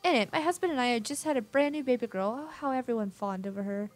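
A woman's voice: on the high side, quick pace, faint music behind, pitched above the performer's own voice, natural voice. A woman reading game dialogue aloud, voicing an elegant, weary noble lady in a refined, formal manner. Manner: refined, formal, a little theatrical.

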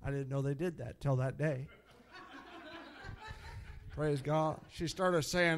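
A man's voice: on the high side, unhurried, pauses often. A middle-aged man preaching, telling stories with frequent hallelujahs and laughter. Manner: animated, exclaims hallelujah often, laughs at own stories. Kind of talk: sermon storytelling.

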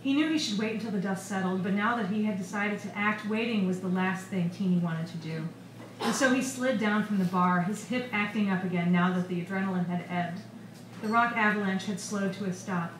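A woman's voice: medium pitch, brisk, a little hiss or hum. Woman author, live fiction reading, roomy bar sound heard from a distance. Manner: expressive storytelling. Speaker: author reading her novel. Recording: echoey bar recorded from far off, faint ambience.

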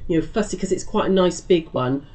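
A woman's voice: lowish voice, lively intonation, a little fast, a little mellow. A middle-aged British woman hosting a live quilting tutorial, chatty and reassuring, calling viewers lovely and love. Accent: British English. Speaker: quilting shop host.

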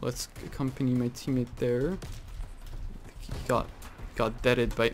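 A man giving casual, rambling commentary over his own gameplay, full of fillers and sudden excited outbursts. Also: mid-range voice, takes it slowly, long pauses, faint music behind. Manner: chatty, rambling with many fillers, bursts into excited exclaims. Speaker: gaming channel host.

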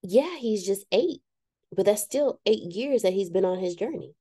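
A woman's voice: mid-range voice, expressive, normal speed, dark tone, breathy edge, no echo, studio quality. A woman giving a frank, self-deprecating motivational talk to a live group, sometimes acting out the voices she quotes. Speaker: speaker addressing a live group.

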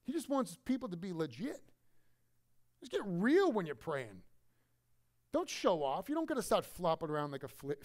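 Addressing his congregation, a pastor delivers a sermon in an animated, conversational manner, at times mimicking others. His voice sits high.

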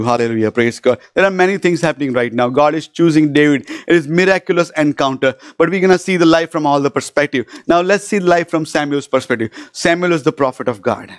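Man, pastor, fervent sermon, fairly high voice, frequent hallelujahs, asks the congregation questions. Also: fairly quick, few pauses, no room sound, studio quality. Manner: fervent, repeats hallelujah and praise God often.

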